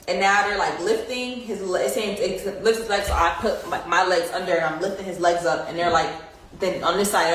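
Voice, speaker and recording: Young woman telling a story, echoey room. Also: on the low side. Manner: emotional, rambling, many "like" fillers. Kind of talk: casual storytelling to viewers. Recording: distant, very echoey room, faint noise.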